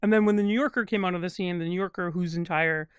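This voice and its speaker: A man's voice: sits high, steady tone, fast, clear, resonant tone, no echo, clean studio sound. A man talking as an interview guest, thoughtful and rambling, with lots of fillers as he works through ideas. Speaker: guest crossword constructor. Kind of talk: casual interview conversation.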